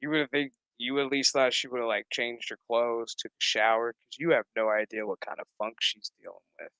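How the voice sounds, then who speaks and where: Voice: medium pitch, fairly even intonation, moderate pace, pushed and bright, no echo. A vlogger recapping a TV episode in casual, rambling commentary, profane and sarcastic throughout.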